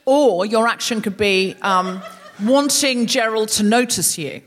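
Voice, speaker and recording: Her medium-pitched voice is unhurried, with a little hiss or hum in the audio. She's co-hosting a comedy podcast live on stage at a London concert hall, chatting in an animated, theatrical way and laughing while she explains.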